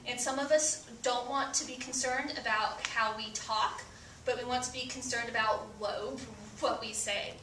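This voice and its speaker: A woman's voice: fairly high pitch, fairly even intonation, moderate pace, pushed and bright, echoey room, distant mic, slight background noise. A woman performing stand-up comedy before a live audience, speaking with a stutter full of repeated sounds.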